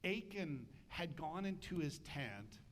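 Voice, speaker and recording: A man preaching a sermon as pastor, animated and humorous, acting out voices. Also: on the high side, takes it slowly.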